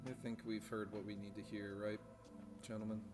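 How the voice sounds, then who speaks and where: A man playing a tabletop game, joking and bantering, sometimes in a hushed voice. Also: on the low side, level tone, brisk, music in the background. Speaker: player.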